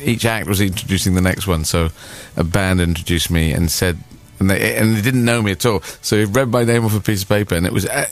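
A man's voice: low voice, steady tone, a little fast, few pauses, dry recording. A man as a radio guest, chatting in a rambling, whimsical way. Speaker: comedian guest. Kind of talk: casual radio chat.

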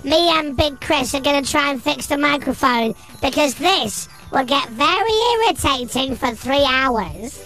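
Cheeky little boy, pitch-shifted, high, very lively. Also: unhurried, hardly any pauses, faint music behind, heavily acted. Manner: cheeky, indignant backchat. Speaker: radio host. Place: radio studio.

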